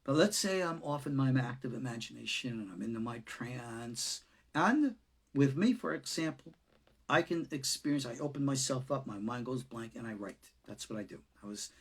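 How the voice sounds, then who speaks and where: A man, a rabbi, giving an unscripted lesson in an expressive way, swinging between loud and soft and chuckling now and then. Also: medium pitch, slightly rough. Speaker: rabbi teaching Kabbalah. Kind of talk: unscripted lecture.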